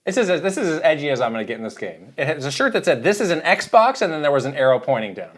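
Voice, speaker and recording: A man's voice: on the high side, sing-song, rapid-fire. A man co-hosting a podcast, talking in a dry, laid-back way with frequent chuckles. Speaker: podcast co-host. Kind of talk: casual chat.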